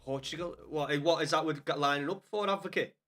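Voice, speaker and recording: A man's voice: fairly high pitch, quick pace, bright, forceful tone, soft background music. A young man with a Scouse accent chatting casually on a live stream about football, swearing often and calling viewers lad. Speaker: livestream host.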